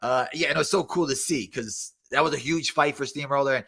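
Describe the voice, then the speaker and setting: A man's voice: mid-range voice, fairly quick, vocal fry, husky. A man in his thirties, a fighter guest on a podcast, telling stories in casual chat and acting out quotes. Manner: excited storytelling, acts out quotes.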